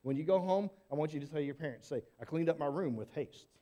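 High-voiced man telling a children's Bible story. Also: quick pace. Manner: animated, casual, asks the listeners questions.

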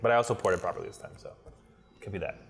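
A man in a relaxed podcast chat, speaking in a lowish register. He rambles through thoughts with plenty of fillers and casual swearing. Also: fast talker, long reverb tail. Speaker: podcast co-host.

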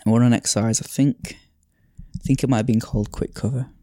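Speaking fast in a warm, steady, mid-range voice, this podcast host reads aloud and tells a story casually and reflectively. He sighs often and uses lots of fillers, and the recording is studio quality without echo.

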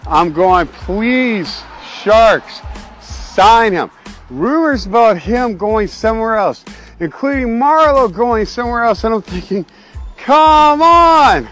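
A man, a pastor hosting his own show, talking in a casual, jokey, rambling way that keeps going off on tangents. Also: high voice. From Canada. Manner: excitable, jokey, goes off on tangents. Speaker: pastor and podcast host.

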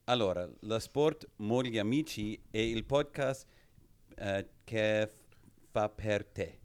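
A man putting on a hammy Italian-speaking announcer, halting and searching for words. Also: lowish voice, smooth.

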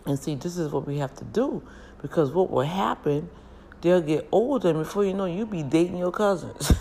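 A talkative woman with a gravelly edge to her voice, speaking straight to her viewers in a loose, storytelling way. She is animated and chatty, with faint ambient noise behind her. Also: fairly low pitch, moderate pace. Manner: chatty, animated, laughs a lot.

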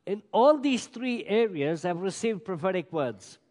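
High-voiced preacher in a reverberant hall. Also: male voice, lively intonation, a little slow. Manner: emphatic preaching with sudden loud and quiet swings. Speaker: pastor. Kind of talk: sermon. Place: large church hall. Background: congregation.

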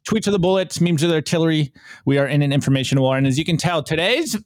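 A man with a high voice hosts a casual podcast meme segment. He talks in a joking, hyped way. The recording is dry and close. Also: animated, no echo. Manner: joking, hyped, quick asides. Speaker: podcast host. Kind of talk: casual meme review chat.

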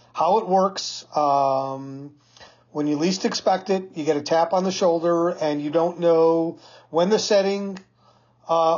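A man's voice: on the high side, a little mellow. A middle-aged man telling a reflective personal story in a conversational way, with fillers and acted-out dialogue. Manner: conversational, many fillers, acts out quoted dialogue. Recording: echoey, dull lo-fi room recording.

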